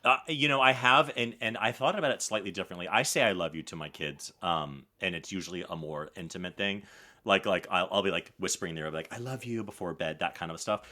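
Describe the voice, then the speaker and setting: A man's voice: low-pitched, a little fast, pushed and bright. A man co-hosting a podcast in casual chat, talking in a frank, joking and self-reflective way. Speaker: podcast co-host.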